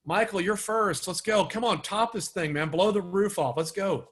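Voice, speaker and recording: A man's voice: high voice, normal speed, fairly bright tone. A man leading a live online sales training, coaching and urging participants on over a video call.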